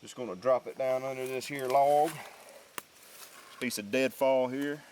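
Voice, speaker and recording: A man with a Southern US accent giving a casual, chatty outdoor gear demo in the woods, folksy and quick to laugh at himself. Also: mid-range voice, a little mellow, slight background noise. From North Carolina, US South. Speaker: gear reviewer.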